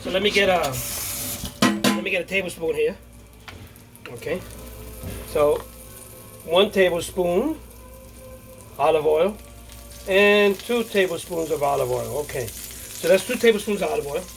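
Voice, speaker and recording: A man's voice: high voice, unhurried, vocal fry, long pauses, soft background music. A man hosting a casual home cooking demonstration, talking the viewer through each step with many fillers and okays. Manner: chatty, repeats himself, many fillers and okays. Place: home kitchen with sizzling pan and running water. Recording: noisy kitchen with sizzling pan. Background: frying sizzle and running water.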